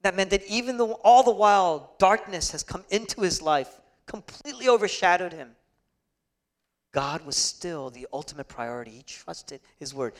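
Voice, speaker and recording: A man preaching a sermon, swinging between hushed, whispered passages and loud, emphatic peaks. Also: high voice, animated, moderate pace.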